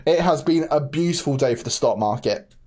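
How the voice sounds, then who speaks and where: A young man hosting a casual livestream, chatty and excitable, laughing often and talking straight to his chat. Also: fairly high pitch, a little fast. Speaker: livestream host.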